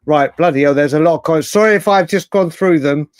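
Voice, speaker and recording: A man hosting a late-night fan livestream, chatting excitably and reading out viewer comments. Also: fairly high pitch, quick pace, clear, resonant tone, no echo. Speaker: livestream host.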